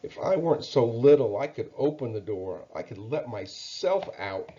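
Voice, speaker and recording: A man's voice: mid-range voice, expressive, normal speed, dark tone, highs cut off, lightly acted. A man voicing a shy, tearful little boy who sniffles in a small voice. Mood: sad.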